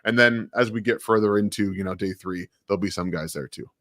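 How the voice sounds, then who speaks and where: A man speaking as a guest football analyst in casual chat, giving quick, enthusiastic draft takes. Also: lowish voice, a bit bright, dry recording, clean studio sound.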